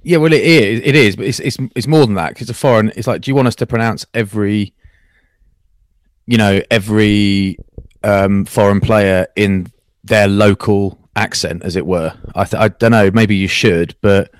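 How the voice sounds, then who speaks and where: A man co-hosting a casual podcast, chatty and teasing, telling stories with lively asides. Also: lowish voice, moderate pace, no echo, studio quality. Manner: teasing, chatty, animated storyteller. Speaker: co-host, rugby commentator.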